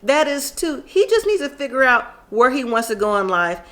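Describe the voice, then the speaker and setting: A woman's voice: high-pitched, big pitch swings, moderate pace, pushed and bright. A woman casually recapping a reality TV episode, chatty and opinionated, talking straight to the people she watches. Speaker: TV recap vlogger.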